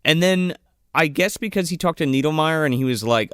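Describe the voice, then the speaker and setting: A man's voice: on the high side, normal speed, no room sound, studio quality. A man casually and profanely riffing on a movie as a podcast co-host. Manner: profane, laughing, animated retelling.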